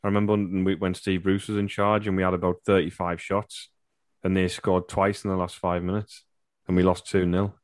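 A man's voice: low-pitched, flat delivery, fairly quick, no room sound, clean studio sound. A man co-hosting a football podcast, talking in a rambling, conversational way. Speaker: podcast host. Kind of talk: casual podcast chat.

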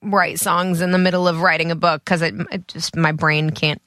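A woman's voice: lowish voice, little pitch movement, normal speed, a bit bright, no room sound. A woman in her forties, from the US East Coast, chatting casually as a podcast guest, self-deprecating and full of restarts. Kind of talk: casual chat.

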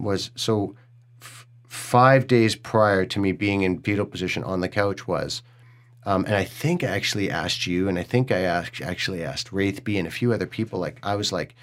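A man's voice: deep voice, normal speed. A middle-aged man hosting a podcast, speaking candidly and emotionally and swearing freely in casual conversation. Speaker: podcast host.

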